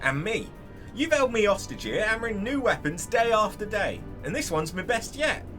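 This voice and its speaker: A man's voice: high voice, sing-song, normal speed, a bit bright. A man voicing a blunt male blacksmith who scolds coarsely and swears freely, over game music. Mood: scolding. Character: gruff blunt male blacksmith, foul-mouthed.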